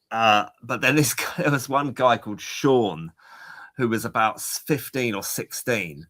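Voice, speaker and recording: A man's voice: medium pitch, sharp tone. Rambling English man telling anecdotes. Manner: rambling storyteller, many restarts. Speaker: podcast co-host. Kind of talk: casual chat.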